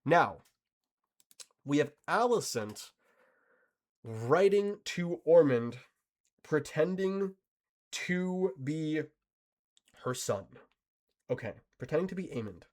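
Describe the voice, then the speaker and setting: A man talking straight to the camera in a casual, opinionated commentary. His voice sits a little high for a man, and he speaks with emphatic, sarcastic energy. He often stumbles into quick restarts as he drives his points home. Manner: animated, emphatic, frequent restarts and sarcastic mock quotes. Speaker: video commentator.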